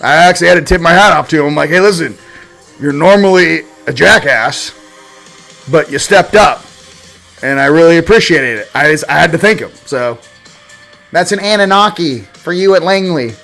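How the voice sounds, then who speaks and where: A man hosting a spiritual livestream in casual chat, rambling and joking and swinging between loud bursts and quiet asides. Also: on the high side, moderate pace, vocal fry, faint music behind.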